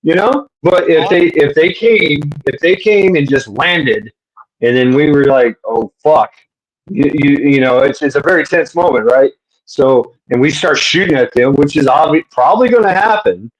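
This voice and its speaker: Man, casual chat, animated, slightly higher pitch. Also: normal speed, rough recording. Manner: animated, acts out imagined voices.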